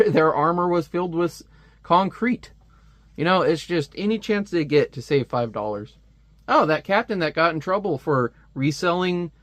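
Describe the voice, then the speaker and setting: A man giving a casual, animated comic book review, ranting and laughing as he goes. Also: on the high side, dry recording.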